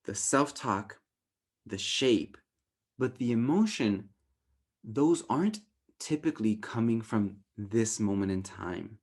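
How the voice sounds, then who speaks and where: A man from Southern California leading a workshop in casual, animated teaching talk, tagging his points with "right?", swearing lightly and laughing at himself. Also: on the low side, takes it slowly. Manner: animated, often ends points with a questioning "right?"; acts out inner voices in raised, playful tones. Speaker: workshop facilitator.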